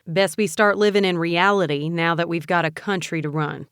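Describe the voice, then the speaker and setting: A woman's voice: lowish voice, steady tone, moderate pace, fairly bright tone, clear, resonant tone, dry recording, clean studio sound. A woman voicing a snide young male political operative with a Mississippi drawl and a sneering, mocking manner.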